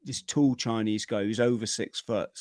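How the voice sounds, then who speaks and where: A middle-aged man, a podcast guest, telling his own story in a vivid, energetic way with plenty of slang. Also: fairly low pitch, normal speed, dry recording, studio quality. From Britain. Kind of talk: personal storytelling in an interview.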